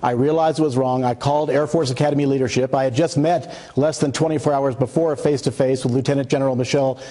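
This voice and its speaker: Combative male news guest, rapid delivery, dark mellow tone. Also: mid-range voice, steady tone. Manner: combative, rapid, talks over the host. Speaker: guest advocate. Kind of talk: heated cable news debate.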